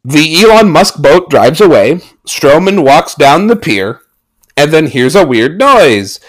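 A man casually recapping a wrestling match with sarcastic commentary and mock-excited outbursts. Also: on the high side, slow, low-quality recording.

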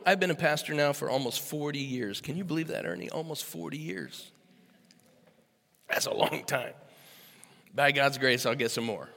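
A man in his sixties preaching a sermon as pastor, moving from easy storytelling to loud, emphatic preaching. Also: fairly high pitch, normal speed, creaky, long pauses. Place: church sanctuary. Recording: echoey hall with long reverb.

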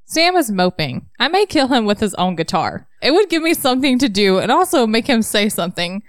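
A woman co-hosting a book podcast, summarizing chapters in casual chat with dry, deadpan humor. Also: fairly high pitch, a little fast, dry recording.

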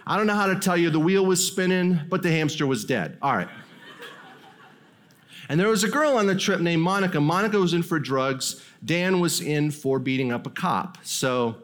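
A man preaching as a guest speaker, telling a long personal story with wry humor and quick asides. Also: on the high side, fairly bright tone. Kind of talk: sermon storytelling.

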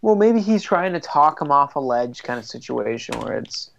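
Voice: medium pitch, very animated, normal speed, vocal fry, hardly any pauses, dull audio. A podcast co-host chatting casually about a film, with wry, joking remarks. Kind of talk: casual chat.

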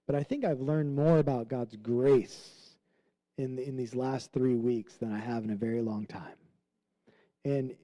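A man's voice: on the high side, mellow, poor audio. A man preaching a sermon as pastor, talking conversationally and often checking in with "right?". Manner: conversational, frequent "right?" asides.

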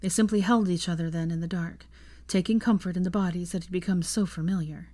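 A woman reading fan fiction aloud in a soft, intimate narrating voice. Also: fairly low pitch, fairly even intonation, a little fast. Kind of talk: audiobook narration.

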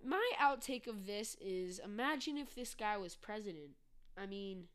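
A woman hosts a casual political talk show, ranting with a sarcastic edge. Her voice is bright and forceful, and the tone is smooth and clear. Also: a little high, big pitch swings, normal speed. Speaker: podcast host.

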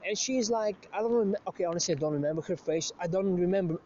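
A man's voice: high-pitched, quick pace, mellow, a little hiss or hum. A man telling a story in a casual monologue, crude and profane, rambling with many restarts. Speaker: show host. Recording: slightly muffled lo-fi recording.

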